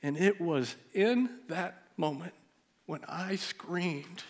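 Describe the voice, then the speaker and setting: A pastor telling a personal story in a sermon, his voice dropping to a near hush at the emotional moments. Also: high voice, takes it slowly. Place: church sanctuary.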